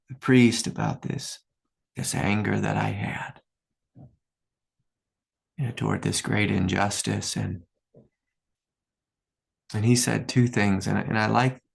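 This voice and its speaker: This fifty-something spiritual teacher speaks unhurriedly, with a lowish, steady, gravelly voice, a breathy edge and long pauses. His reflective talk is earnest storytelling about his life, sprinkled with fillers and laughs.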